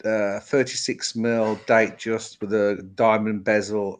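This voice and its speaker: A man's voice: on the low side, little pitch movement, unhurried. A middle-aged man from England chatting casually and at length on a live stream about his collection, rambling and laughing often. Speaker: guest watch collector.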